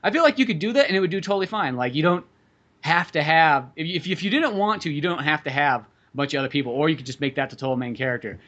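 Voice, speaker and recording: A man co-hosting a podcast, chatting casually about movies in a rambling, animated way with lots of swearing. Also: on the high side, fast talker, dull audio. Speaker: podcast co-host.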